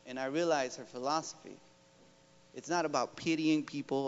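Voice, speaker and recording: A man's voice: fairly high pitch, moderate pace, pauses often. A man from Oakland, a professor, giving a rallying talk to a community audience and often asking them "right?". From Oakland, California. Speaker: professor and guest speaker. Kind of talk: motivational public talk. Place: large school hall. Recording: dull recording with long hall reverb.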